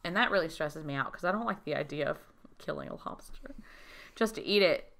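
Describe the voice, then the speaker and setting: A woman's voice: low voice, expressive, fairly quick, gravelly, a bit bright. A woman co-hosting a podcast, chatting casually and acting out quotes in put-on voices. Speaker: podcast co-host. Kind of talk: casual chat recapping a show.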